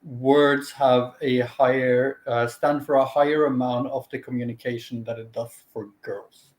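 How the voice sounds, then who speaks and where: A man's voice: medium pitch, flat delivery, measured pace. A man co-hosting a casual chat, talking in a thoughtful, hesitant way that wanders mid-sentence. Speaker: co-host. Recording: echoey room.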